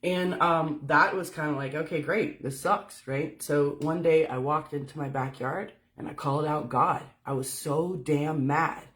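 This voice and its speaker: A woman's voice: deep voice, fairly even intonation, a little slow, few pauses. A woman giving a casual livestream talk as a spiritual speaker. She talks candidly and swears freely as she tells her story. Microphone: phone.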